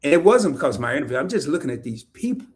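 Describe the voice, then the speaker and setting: A man hosting a casual livestream interview, chatty and animated, laughing often as he reads comments. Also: on the high side, very fast. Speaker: podcast host. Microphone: streaming setup, remote call.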